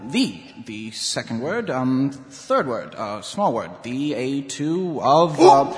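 A man's voice: mid-range voice, big pitch swings, takes it slowly, big-room sound. An actor playing an earnest young watchman who stammers and guesses aloud. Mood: eager.

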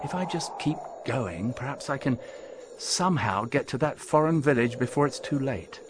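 A man's voice: medium pitch, lively intonation, moderate pace, background noise, natural voice. A man voicing Santa Claus in an audiobook, an old man who is weary but determined, talking earnestly and calling out. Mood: wistful.

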